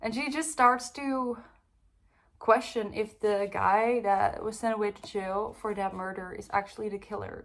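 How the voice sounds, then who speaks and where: A young woman from the Netherlands, chatting casually through a book review with lots of fillers. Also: medium pitch. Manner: chatty, rambling, lots of ums and likes.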